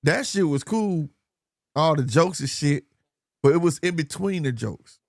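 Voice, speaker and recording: A man with a slightly raised, gravelly voice talks boxing with a friend in loose, profane chat. He builds his stories with bursts of energy. The sound is close and dry, with no room around it. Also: fairly high pitch, measured pace, dry recording. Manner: animated, profane storytelling with laughs. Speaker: boxing podcast co-host. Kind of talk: casual chat. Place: home studio, live stream.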